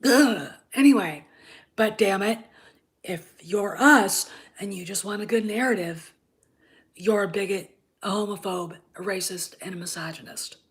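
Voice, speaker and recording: On her channel, a TV critic in her fifties launches into an angry, sarcastic rant peppered with swearing, speaking at a measured pace in an ordinary middle pitch. She keeps sinking to a whisper, then lands each point with an emphatic "okay?".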